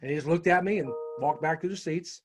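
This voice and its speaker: Man, middle-aged, interview guest, storytelling, animated, slightly high pitch. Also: quick pace, faint music behind. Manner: animated storyteller, frequent "right?" tag questions. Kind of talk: storytelling in casual conversation.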